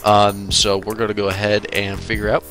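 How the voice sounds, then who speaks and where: A man's voice: lowish voice, monotone, normal speed, a bit bright, soft background music. A man hosting his own channel, giving gameplay commentary and joking as he rants at other drivers. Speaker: gaming channel host.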